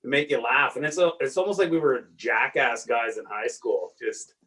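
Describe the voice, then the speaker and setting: A man's voice: mid-range voice, normal speed, recorded from a distance, poor audio. A man from Saskatchewan, a comedian guest, telling rambling, self-deprecating stories in casual podcast chat. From Saskatchewan, Canada. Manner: rambling, self-deprecating storyteller, acts out quotes loudly.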